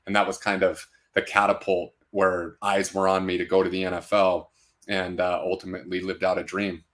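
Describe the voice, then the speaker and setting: A middle-aged man, a guest on a podcast, telling the story of his sports career in a plain, steady way and often saying "man.". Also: low-pitched, normal speed. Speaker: podcast guest, former pro football player. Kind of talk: conversational storytelling.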